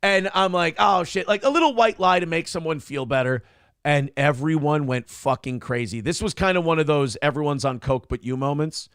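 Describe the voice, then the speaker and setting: A young man co-hosting a casual morning show tells a long story with lots of energy, jumping into other people's voices as he quotes them and swearing freely. His voice has a gravelly, fried edge and sits a little high. The recording is close and dry. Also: moderate pace, a bit bright, no room sound.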